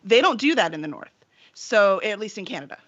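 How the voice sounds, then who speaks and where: A chatty woman hosts a casual live stream, rambling through long thoughts with "um"s and "right?"s. Her voice sits at an ordinary middle pitch, and the audio comes through dull and lo-fi. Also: big pitch swings, a little fast, a bit bright. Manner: chatty, talks in long run-on thoughts with many fillers. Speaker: publisher and show host.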